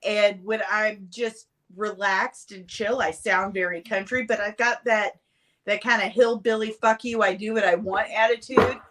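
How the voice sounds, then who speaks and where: A woman's voice: mid-range voice, steady tone, normal speed, fairly bright tone. A woman in her forties from Missouri with a Midwestern accent, talking bluntly and frankly in a casual chat. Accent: Midwestern American. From Missouri, United States. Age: 40s. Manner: blunt and frank, swears freely.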